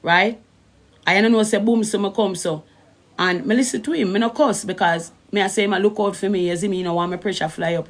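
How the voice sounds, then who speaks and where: Emphatic Jamaican woman ranting on a stream. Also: on the low side. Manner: emphatic, repeats "you understand" often. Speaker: social media streamer. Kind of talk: casual live-stream rant.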